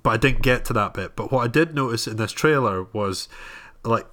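A man's voice: mid-range voice, moderate pace, bright, forceful tone. A man co-hosting a casual podcast chat about films, with dry, teasing banter. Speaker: podcast co-host.

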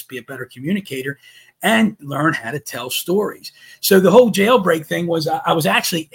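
A man telling an animated personal story as a podcast guest, voicing his own past thoughts as he goes. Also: on the high side, gravelly, breathy edge.

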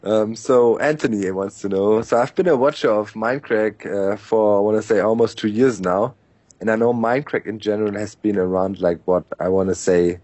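A podcast co-host who speaks quietly and hesitantly and laughs often. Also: male voice, on the low side, moderate pace. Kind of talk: casual podcast chat.

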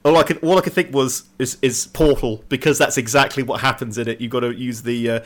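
A man co-hosting a casual film-review podcast, jokey and lively, often laughing. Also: medium pitch, fairly quick. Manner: jokey, lively, breaks into laughs and silly voices. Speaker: podcast co-host.

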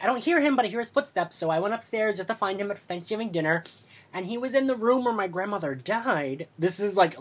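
A man telling a story over drinks on a podcast in a casual, animated way, acting out the voices of the people he quotes. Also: high voice.

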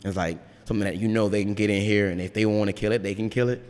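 Deep-voiced man, casual rambling chat, frank and profane, long reverb behind his voice. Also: flat delivery, rapid-fire, darkish tone. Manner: rambling, frank, swears freely. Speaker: brewer. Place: brewery.

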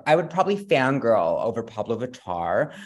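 A man's voice: medium pitch, moderate pace. Gushing, campy drag performer man. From Madison, Wisconsin. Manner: gushing, campy, animated slang. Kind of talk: casual interview chat.

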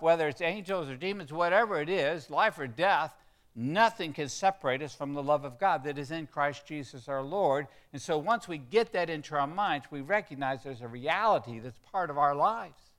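A man preaching a sermon, emphatic, leading the congregation in call-and-response and swinging between quiet and loud. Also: medium pitch. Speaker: pastor.

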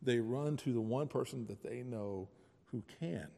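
A man preaching a sermon as a missionary, telling stories in an animated way. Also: medium pitch, unhurried, vocal fry. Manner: animated storytelling. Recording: echoey hall reverb.

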